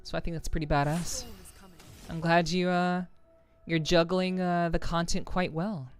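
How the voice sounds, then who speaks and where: A woman's voice: fairly low pitch, fairly even intonation, measured pace, soft background music. A woman streaming a game with a slightly sore, scratchy throat, chatting casually and greeting viewers over and over. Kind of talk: casual live-stream chat.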